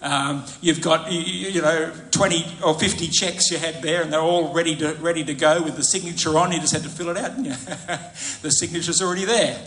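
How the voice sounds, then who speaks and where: A male pastor delivers a lively sermon and keeps questioning his listeners. His voice sits a little high and sounds bright and forceful. It rings through an echoey church hall over a faint murmur of room sound. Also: fairly quick, slight background noise. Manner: animated, asks the congregation questions.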